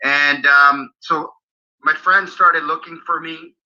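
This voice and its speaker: A man telling his own story in casual chat, animated and blunt, swearing freely. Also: on the high side, slow pace. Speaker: guest recounting a personal story. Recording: dull lo-fi audio.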